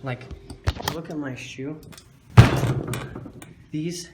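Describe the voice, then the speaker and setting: A man's voice: on the high side, a little slow, over loud music. Man for a chatty art tutorial, self-deprecating, loose and rambling, fillers throughout. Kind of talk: casual drawing tutorial.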